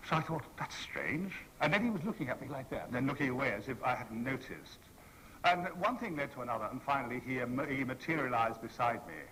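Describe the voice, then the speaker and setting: On a convention panel before an audience, a man in his sixties shares anecdotes theatrically, voicing the people he quotes with playful flair. He talks a little fast in an expressive, medium-pitched, sharp-toned voice, and the low-quality recording has slight background noise.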